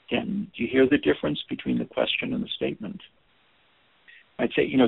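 A man giving an informal lesson on listening in a gentle, hesitant way, with many restarts and fillers. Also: mid-range voice, huge pitch swings, a little fast, gravelly, pauses often, breathy edge, no room sound. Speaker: teacher of listening skills. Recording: dry, phone-like narrow sound.

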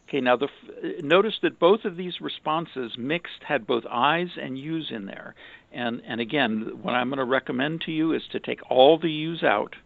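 A man explaining relationship advice in a halting, casual way, with many restarts and fillers. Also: mid-range voice, gravelly, no echo. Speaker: relationship communication commentator. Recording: dry, phone-like narrow sound.

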